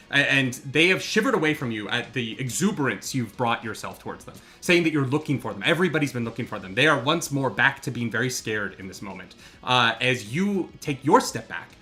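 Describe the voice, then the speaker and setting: A man narrating as game master of a tabletop game, pausing often with fillers and restarts. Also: mid-range voice, bright, forceful tone. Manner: halting, many fillers and restarts.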